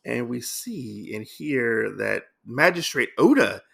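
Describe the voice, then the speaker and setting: A man's voice: mid-range voice, animated, slow, creaky, fairly bright tone, slightly rough. A man casually recapping a comic story, rambling with lots of fillers and restarts. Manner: rambling with many fillers and restarts, reads lines in loose voices. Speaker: podcast host recapping a comic.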